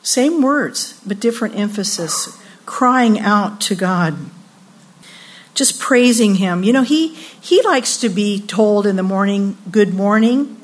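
A woman in her sixties giving a sermon at a women's retreat, expressive and acting out voices when she quotes people. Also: medium pitch, slow.

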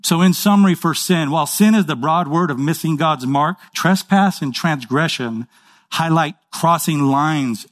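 A man preaching a sermon in a conversational way, checking in with his listeners and acting out short dialogues. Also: on the high side. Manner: acts out little dialogues in quick voices. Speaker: pastor.

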